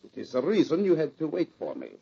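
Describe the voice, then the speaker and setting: Casting an accented gambler heavy for a radio play: sweeping pitch, sinister calm, muffled old audio. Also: male voice, full character voice. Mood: menacing. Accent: foreign. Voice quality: smooth, sinister and deliberate. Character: suave menacing male gambler villain with an accent. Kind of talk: old-time radio drama acting. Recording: dull lo-fi old radio recording.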